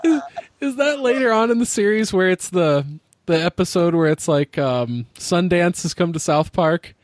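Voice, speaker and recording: Lively woman with a lowish voice. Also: moderate pace. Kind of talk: casual chat about films.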